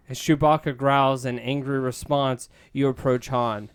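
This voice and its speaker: A man's voice: mid-range voice, fairly even intonation, takes it slowly, smooth. A man casually reading an adventure book aloud, stumbling and correcting himself as he goes. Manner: stumbling, self-correcting, laughing asides. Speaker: book reader and podcast host.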